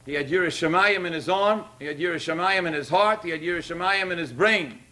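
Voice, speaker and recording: A man's voice: fairly high pitch, brisk, bright, forceful tone. A man speaking at a synagogue ceremony, delivering an emotional sermon that rises to emphatic peaks. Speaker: rabbi speaking at a Torah dedication.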